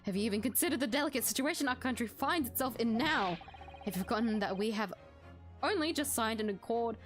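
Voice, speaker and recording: A woman's voice: a little high, expressive, fast, faint music behind, close to an everyday voice. Woman reading a pompous scornful old official. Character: pompous scornful middle-aged male official.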